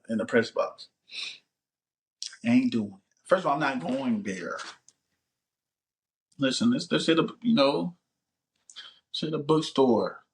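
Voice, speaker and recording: A man hosting a casual vlog, joking around in loose, laid-back slang. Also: medium pitch. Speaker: vlog host. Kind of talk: casual chat to camera.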